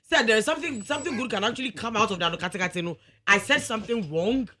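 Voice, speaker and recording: A woman with a Ghanaian accent, co-hosting a radio talk show, animated and exclaiming as she banters. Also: fairly high pitch, very fast, slight background noise. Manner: animated, exclaiming, mixing English and Twi. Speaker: radio co-host. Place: radio studio.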